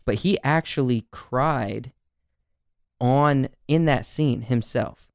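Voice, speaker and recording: A man's voice: mid-range voice, takes it slowly, no echo, studio quality. A man co-hosting a podcast, talking in an earnest, rambling way and laughing often. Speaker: podcast co-host. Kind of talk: casual chat.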